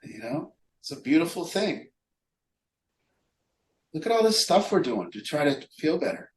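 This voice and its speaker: A man's voice: fairly high pitch, very animated, moderate pace. A man leading a recovery group talk, speaking emphatically and rhetorically. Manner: emphatic, rhetorical, acts out imagined voices. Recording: echoey room.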